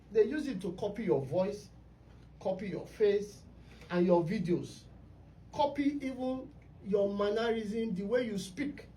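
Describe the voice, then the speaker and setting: A woman's voice: mid-range voice, mellow. Distant woman radio host. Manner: storytelling, emphatic. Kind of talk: radio talk show hosting. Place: radio studio. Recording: distant mic with faint noise.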